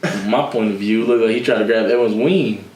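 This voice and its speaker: A man's voice: lowish voice, a little fast, darkish tone, a little hiss or hum. A young man telling a story in casual chat, slangy and laughing often, acting out what others said. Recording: echoey room.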